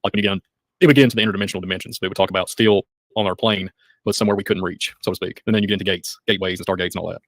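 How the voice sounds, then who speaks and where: A man co-hosting a casual religious podcast, talking quickly and excitedly, with sarcastic asides and muttered trail-offs. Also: low-pitched, no echo. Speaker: podcast co-host.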